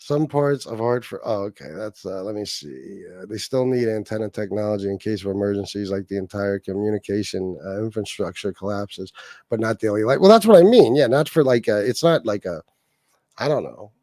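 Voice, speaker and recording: A man's voice: fairly low pitch, lively intonation, brisk, warm tone, no room sound, clean studio sound. A man hosting a casual livestream, reading chat comments aloud and mocking someone with heavy profanity. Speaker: livestream host.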